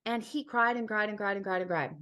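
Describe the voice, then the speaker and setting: A woman's voice: mid-range voice, steady tone, fast talker, a bit bright. A woman from Ontario, Canada, a healer and psychic, telling a personal story as an interview guest in an earnest, heartfelt way, repeating phrases for emphasis.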